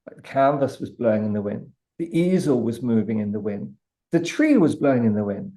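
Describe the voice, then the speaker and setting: A British man with a mellow, warm tone tells a lively anecdote as a podcast guest. He builds the story step by step, often restarting his phrases as he goes. His voice keeps a relaxed, unhurried warmth. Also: medium pitch. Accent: British English. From Britain. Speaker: guest artist. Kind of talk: animated storytelling.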